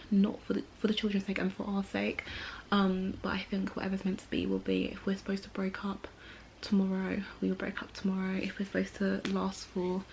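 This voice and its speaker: A woman's voice: mid-range voice, creaky, a little mellow. A young woman from England, chatting candidly through a casual question-and-answer vlog, filmed outdoors at dusk on a camera held close. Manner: chatty, candid, filler-heavy. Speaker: vlogger. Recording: faint background noise.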